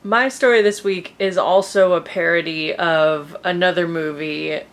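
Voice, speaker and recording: Woman co-host, lower voice, giggly, reads fanfic dramatically. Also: fairly even intonation, unhurried. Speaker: podcast co-host reading fanfiction. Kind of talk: casual comedic chat and reading aloud.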